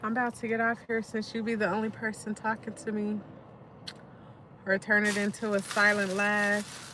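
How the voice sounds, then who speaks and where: A woman, telling stories in a relaxed way as she chats to viewers on a live stream. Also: mid-range voice, normal speed, noisy background. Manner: relaxed storytelling, talks straight to viewers. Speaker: livestream host. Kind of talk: casual live-stream chat while eating.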